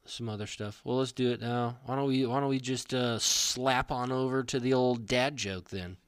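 A young adult man co-hosting a podcast, telling animated, rambling stories in casual chat. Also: medium pitch, normal speed, clear, resonant tone, dry recording. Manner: rambling, animated storytelling with restarts. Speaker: podcast co-host.

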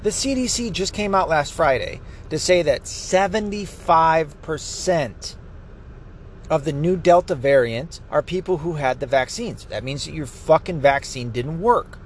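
A man with a high, swooping voice delivers an angry political rant, cursing freely. His delivery lurches up and down in pitch as he vents, and faint noise sits behind him. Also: lively intonation, unhurried. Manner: angry, profane, ranting. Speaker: political commentator.

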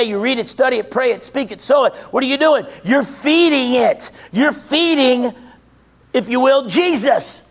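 Male preacher with a very high voice, emphatic, repetitive, call-and-answer delivery. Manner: emphatic, rising to shouts, then dropping low; repeats phrases, asks and answers his own questions. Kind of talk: sermon.

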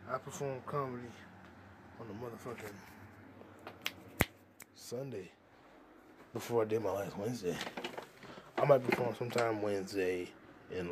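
A man's voice: fairly low pitch, background noise. A young man hosting a podcast alone, rambling in a crude, profane, joking stream of consciousness. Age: young adult. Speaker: podcast host. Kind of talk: casual solo rambling.

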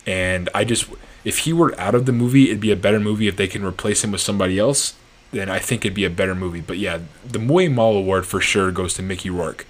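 A man's voice: lowish voice, fast. A young man casually reviewing a movie as a podcast host, rambling and restarting his sentences, laughing easily.

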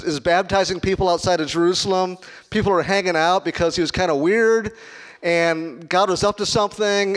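Chicago pastor guy preaching, loose and jokey, asks the crowd stuff, kinda high voice. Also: smooth. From Chicago, United States. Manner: conversational, joking with the congregation. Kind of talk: sermon.

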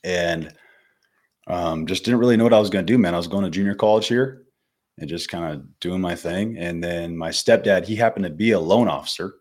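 A man's voice: low voice, a little fast, darkish tone. A young man in his twenties, a podcast guest telling a story in a laid-back way, swearing and calling the host dude and bro. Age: 20s. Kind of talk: casual storytelling.

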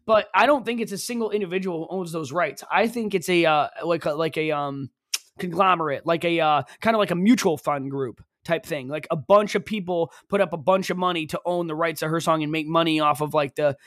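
A young man co-hosts a podcast in a casual chat, rambling and animated and quick to act out quotes. His voice sits on the high side, recorded dry in a studio booth at studio quality.

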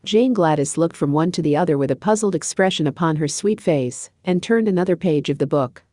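A woman reads a children's storybook aloud in an even, measured way. Her voice is low, and the recording is dry and close. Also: dry recording. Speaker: narrator. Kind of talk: scripted storybook narration.

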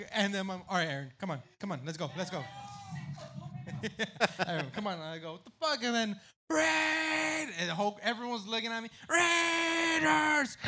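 High-voiced guy on a podcast, real bright and lively, yells and swears a lot, acts out the crowd voices, some noise behind. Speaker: podcast guest. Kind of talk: casual storytelling chat.

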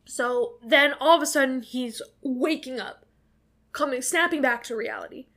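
Woman podcast co-host, higher register, rambling casual recapper, curses freely. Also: normal speed, fairly bright tone. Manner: rambling, filler-heavy, swears freely. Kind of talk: casual movie recap chat.

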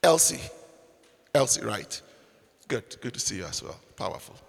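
A man preaching a lively, humorous sermon in a church, moving from shouts to near whispers, with the sound of a reverberant hall. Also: lowish voice, moderate pace, gravelly, husky. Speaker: pastor.

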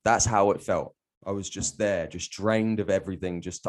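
Man in his thirties, low-pitched voice, blunt and sweary, candid guest storyteller. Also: brisk, a little mellow. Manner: blunt, sweary, laughs often.

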